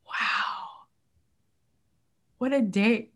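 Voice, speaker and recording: A woman talking as a guest on a podcast, animated and emotional, acting out quoted voices as she speaks. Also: on the high side, very slow, whispered. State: moved to tears at times. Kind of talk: casual podcast conversation.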